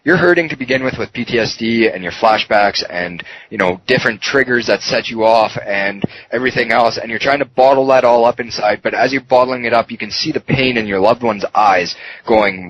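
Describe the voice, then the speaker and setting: A man's voice: medium pitch, a little fast. A man, a podcast guest, telling his story in a raw, emotional way, swearing often and full of fillers. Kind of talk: candid personal interview. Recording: muffled podcast audio with faint noise.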